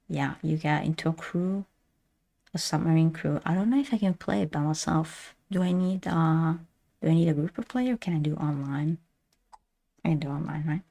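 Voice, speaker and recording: A woman's voice: low-pitched, vocal fry, warm tone. A woman streamer giving playful announcer-style live commentary, repeating her phrases as she goes.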